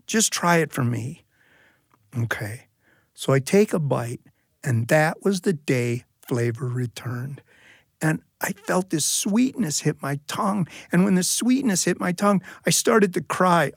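A man's voice: high voice, no room sound, clean studio sound. A man telling a humorous personal story as a storyteller, acting out the voices of people in it. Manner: humorous, animated delivery with acted-out quotes. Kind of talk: live storytelling performance.

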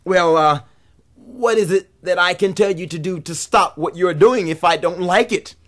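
A man's voice: sits high, moderate pace, a bit bright. A man voicing a greedy, boastful male trickster spider in a told folktale, with a wheedling, pleading manner. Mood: wary.

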